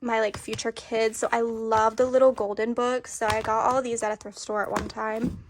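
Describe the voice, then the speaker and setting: A woman's voice: on the high side, little pitch movement, moderate pace, background noise. A young woman, chatting casually and a little out of breath while showing off her bookshelves. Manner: chatty, filler-heavy, uses "y'all". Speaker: book vlogger. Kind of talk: casual chat.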